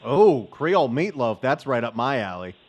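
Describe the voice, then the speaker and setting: A man's voice: medium pitch, sing-song, moderate pace, a little mellow. A middle-aged man hosting a call-in talk radio show, chatty and upbeat as he takes calls. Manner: upbeat, chatty, reads the phone number often. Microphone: studio microphone.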